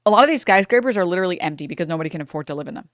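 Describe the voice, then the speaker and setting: A woman's voice: fairly low pitch, lively intonation, rapid-fire, dry recording, studio quality. A young woman streamer ranting angrily in a profane reaction commentary, breaking into laughter between outbursts.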